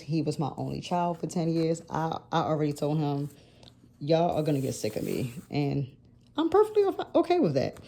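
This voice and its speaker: Low-voiced, mellow woman chatting while crafting. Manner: rambling, self-correcting, laughs often. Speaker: planner vlogger. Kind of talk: casual chatty vlog narration.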